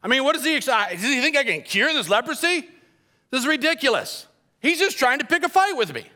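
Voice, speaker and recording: A man's voice: very high voice, very animated, brisk, bright, forceful tone, pitched above the performer's own voice, exaggerated voice. Frantic indignant king, as a preacher puts him on. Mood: panicked. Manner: sputtering, exasperated rant. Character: panicked ancient king, male, adult, frantic and indignant.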